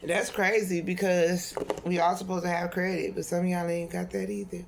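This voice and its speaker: A woman's voice: on the low side, flat delivery, fairly quick, gravelly, noisy background. A woman tarot reader talking in a loose, rambling monologue, swearing freely and laughing often.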